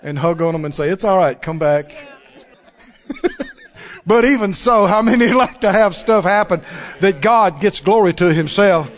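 Animated preacher with a lively high voice. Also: male voice, normal speed. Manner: animated, emphatic, laughs often. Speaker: pastor. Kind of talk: sermon. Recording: dull lo-fi recording.

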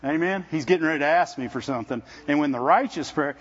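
A man preaches in a loose, conversational way, often stumbling and repeating words before going on. His voice sits high for a man, and he keeps turning to the congregation with "Amen?" The recording sounds muffled and lo-fi. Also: quick pace. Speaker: visiting preacher. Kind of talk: sermon. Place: church service with congregation.

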